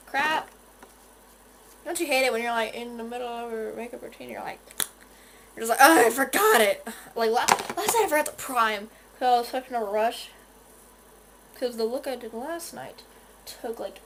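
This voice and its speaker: A woman's voice: on the high side, a bit bright, slight background noise. A fourteen-year-old girl from North Carolina chatting casually while doing her makeup, rambling with lots of restarts and quoted asides, filmed on a phone in her bedroom. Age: teens. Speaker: beauty vlogger. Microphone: phone camera.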